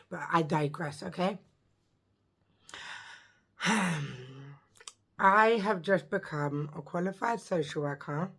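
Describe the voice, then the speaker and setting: In a lowish voice, a thirty-something social worker excitedly welcomes people to her vlog channel, joking and chatting as she goes. She says her voice sometimes fails her.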